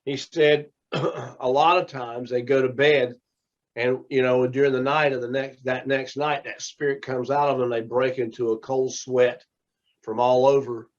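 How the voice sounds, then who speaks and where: A man's voice: mid-range voice, level tone, a little slow. A man teaching a small class, talking in a rambling, conversational way as he tells stories. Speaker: teacher and minister. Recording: dull lo-fi recording.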